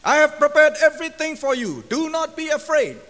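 A man voicing a woman prophesying loudly in a trance. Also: very high voice, very animated, a little fast, pitched above the performer's own voice, heavily acted. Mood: commanding. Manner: loud, raised, declaiming delivery. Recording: long hall reverb.

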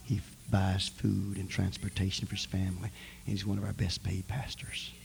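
A man preaching a passionate sermon, telling a story with dramatic swings from shouting to hushed whispers. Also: sits low, monotone, normal speed, gravelly. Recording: long hall reverb, faint background noise.

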